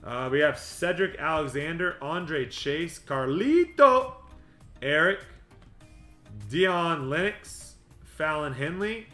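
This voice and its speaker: Bright-voiced man hosting a card-break stream. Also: a little high. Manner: rapid running patter of player names, joking asides. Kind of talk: livestream card-opening patter. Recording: echoey room with music behind.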